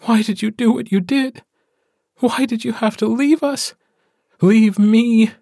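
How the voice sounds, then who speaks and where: A man voicing a grieving, furious woman werewolf, pitching his husky voice up high and sounding raw and demanding. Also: fairly even intonation, unhurried, a little mellow, no room sound, studio quality.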